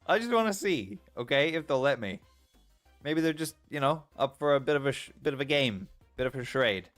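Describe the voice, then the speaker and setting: A man's voice: medium pitch, a little fast, fairly bright tone, no echo, soft background music. A man streaming a text adventure game, reading its story aloud and reacting playfully, often laughing.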